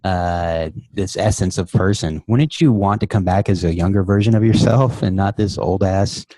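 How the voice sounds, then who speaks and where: A man's voice: low voice, normal speed, mellow, dry recording. A man co-hosting a podcast in casual chat, easygoing, asking questions and laughing along. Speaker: podcast co-host.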